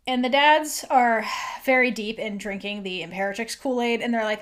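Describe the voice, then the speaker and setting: A woman's voice: fairly high pitch, lively intonation, brisk, a bit bright. A woman podcast host recapping a TV episode in a chatty way, full of "like" and half-acted lines from the characters.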